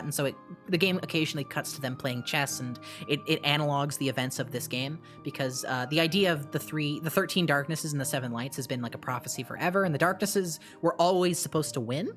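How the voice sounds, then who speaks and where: With a deep voice, a woman streamer casually retells a story, animated and swearing, throwing in quick asides and restarting herself.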